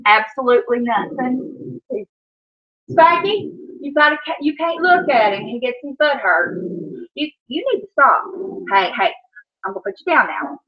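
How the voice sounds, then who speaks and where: A woman chatting casually on a home livestream from her kitchen, scolding her dogs in baby talk between stories. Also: fairly high pitch. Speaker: vlogger. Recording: dull lo-fi sound.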